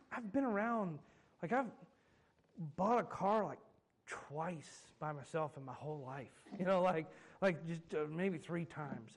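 A man's voice: high voice, rough recording. A man in his thirties, a pastor preaching a sermon, telling stories with self-mocking humor and chuckles. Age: 30s.

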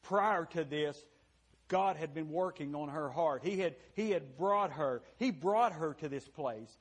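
A fairly high-voiced man preaching a sermon to his congregation. He speaks in a plain, folksy way, rising into loud bursts and dropping to hushed, confessional tones. Words stumble and repeat as he presses each point. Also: a little slow, breathy edge. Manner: impassioned, swinging from loud to hushed; repeats words and restarts phrases while preaching. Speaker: pastor.

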